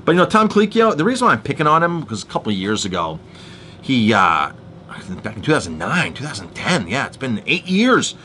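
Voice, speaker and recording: A man vents in an animated, casual monologue, his voice bright and ringing. His pitch swings widely as he restarts and acts out past arguments. A faint rumble sits underneath. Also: brisk. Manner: animated storytelling, restarts, acts out quoted exchanges.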